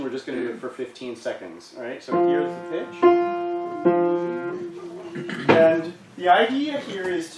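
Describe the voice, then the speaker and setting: This man's medium-pitched voice is picked up from a distance in an echoey rehearsal room, with faint hiss. He guides a group of singers through vocal exercises during a choral workshop, explaining things patiently and encouragingly.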